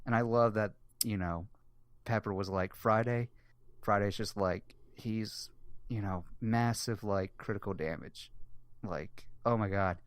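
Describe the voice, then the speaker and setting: A man hosting a casual podcast chat, rambling excitedly with lots of fillers and swearing. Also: lowish voice, measured pace, smooth, no echo. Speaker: podcast host.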